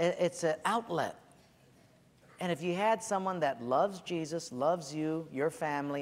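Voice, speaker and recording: A man preaching a sermon as a pastor, telling stories with lively acted-out voices and sudden shouts. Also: a little high, in a large hall. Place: church.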